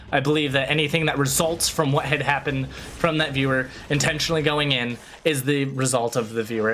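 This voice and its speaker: A man's voice: medium pitch, slight background noise. Ranting male streamer, swears freely. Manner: ranting, animated, swears freely, restarts sentences. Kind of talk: casual livestream chat over gameplay.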